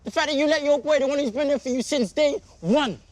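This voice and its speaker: An actor playing an angry young man picking a fight, shouting in a London accent. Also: very high-pitched, quick pace. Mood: furious. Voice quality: shouting, aggressive street slang. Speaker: actor in a short crime drama.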